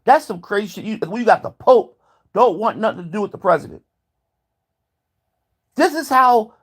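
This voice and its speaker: A man vlogging a heated, profane rant, repeating himself as he builds his point. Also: sits high. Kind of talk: ranting commentary.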